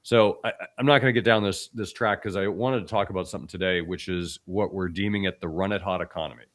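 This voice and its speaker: A man hosting a podcast, hoarse from a cold, talking bluntly and with opinion, often restarting his sentences. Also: steady tone, fast, fairly bright tone. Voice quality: extra deep voice. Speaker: podcast host. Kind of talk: casual podcast commentary.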